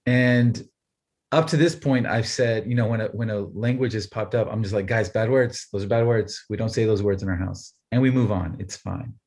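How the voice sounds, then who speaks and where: Lively dad telling a story. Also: male voice, on the low side, moderate pace. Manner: animated storyteller, laughs often. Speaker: podcast co-host. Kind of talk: casual chat.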